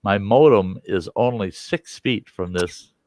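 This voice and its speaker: A man hosts a relaxed livestream chat, walking through technical details in a loose, rambling way. His voice sits very low and moves slowly. The sound is close and dry, with no room around it. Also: no echo. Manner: rambling, explains tech step by step. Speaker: livestream host. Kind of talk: casual chat.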